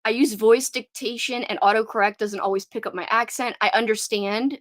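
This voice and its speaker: Young woman, Cajun accent, giggly rambling livestream host, slightly high voice, dry close sound. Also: steady tone, fairly quick, dry recording. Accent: Cajun Louisiana. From Louisiana. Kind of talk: casual livestream chat.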